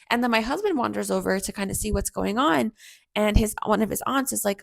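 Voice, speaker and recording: A woman's voice: mid-range voice, a little fast, gravelly, dry recording. A woman in her thirties hosting a podcast, chatting reflectively through a personal story and acting out the people in it. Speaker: podcast host.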